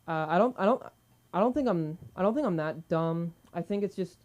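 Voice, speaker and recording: A man from Silicon Valley doing a halting, self-deprecating stand-up set full of fillers. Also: high voice, expressive, a little mellow. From Silicon Valley, California. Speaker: stand-up comedian.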